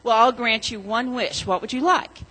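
A woman's voice: a little high, normal speed, bright, forceful tone, breathy edge, poor audio. A woman voicing a kindly old man who grants wishes in a children's story.

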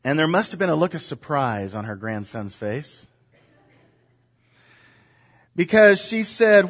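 A man's voice: on the high side, sing-song, normal speed, hardly any pauses. A man preaching a sermon, asking rhetorical questions and leading the congregation to repeat lines together. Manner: rhetorical questions, shifting from soft to emphatic. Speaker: pastor.

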